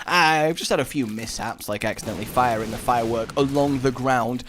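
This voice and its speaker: A man hosting a gaming channel, giving excitable, gushing gameplay commentary and mimicking explosion sounds. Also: mid-range voice, fairly quick, faint music behind.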